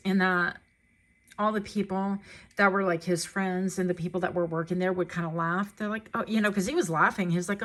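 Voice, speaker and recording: A woman's voice: lowish voice, fairly even intonation, normal speed, a bit bright. A woman giving a casual pick-a-card tarot reading, chatty and rambling, getting emotional and laughing often. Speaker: tarot reader.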